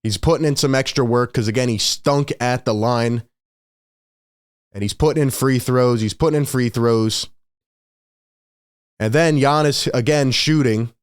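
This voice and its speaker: A man hosting a casual basketball recap, excitable, laughing often and acting out what the players said. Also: mid-range voice, a little slow, pauses often, smooth, no room sound, clean studio sound. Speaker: sports video host. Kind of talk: casual game recap commentary.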